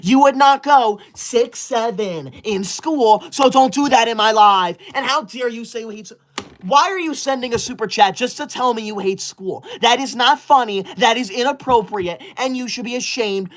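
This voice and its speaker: A performer doing a strict, self-important young streamer who lays down the rules and scolds rude viewers in a huffy, indignant tone. The voice sits at a middling pitch and fits a comedic character livestream. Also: normal speed, fairly bright tone, close to an everyday voice. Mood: outraged. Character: prim bossy young streamer obsessed with school. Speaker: livestream host reading super chats.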